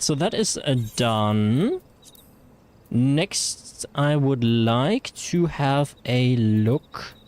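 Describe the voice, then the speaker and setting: A man's voice: a little high, a little mellow, clean tone. A man with a German accent chatting casually through a game livestream, rambling with fillers and reading chat messages aloud. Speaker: streamer.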